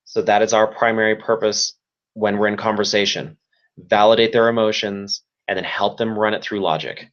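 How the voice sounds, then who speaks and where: A man's voice: fairly low pitch, fairly even intonation, normal speed, muffled recording. A man who works as a youth service provider, giving a webinar talk in an earnest, repetitive way and offering practical tips. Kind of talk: webinar presentation.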